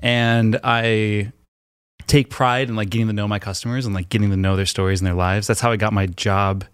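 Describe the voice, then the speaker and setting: A man from Rochester, New York, co-hosting a casual chat and telling rambling stories with quick laughs. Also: fairly low pitch, steady tone, clean tone, dry recording, studio quality. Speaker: podcast co-host. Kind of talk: casual banter.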